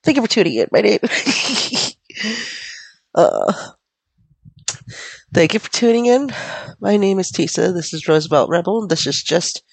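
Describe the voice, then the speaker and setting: A young woman talks casually to her listeners while fighting a cold, her voice hoarse and gravelly. She rambles, swears and laughs at herself. The sound is close and dry. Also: lowish voice, dry recording, rough recording. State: hoarse and coughing from illness. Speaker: podcast host. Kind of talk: casual chat.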